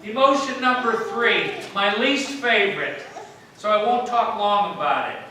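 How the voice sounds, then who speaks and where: A pastor keeps his sermon light and conversational, cracking jokes and constantly asking the congregation questions. His high, pushed, bright voice has lively intonation at a normal speed. The distant mic in the echoing sanctuary catches a little hiss or hum.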